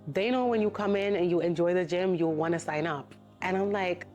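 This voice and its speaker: A woman's voice: on the low side, brisk, hardly any pauses, faint music behind. A woman vlogger telling a story in a casual, indignant way, acting out the people in it. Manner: animated, indignant retelling with quoted voices.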